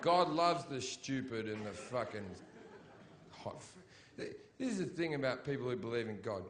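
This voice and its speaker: A man doing a live stand-up routine on a comedy stage, crude and provocative, swearing constantly and working up into mocking shouted rants. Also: mid-range voice, expressive, normal speed.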